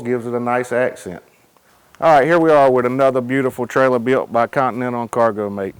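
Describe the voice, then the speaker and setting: A man's voice: medium pitch, clean tone. A man walking viewers around and inside a cargo trailer, listing its features in an easygoing, matter-of-fact way. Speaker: trailer salesman giving a product walkthrough. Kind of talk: casual product tour.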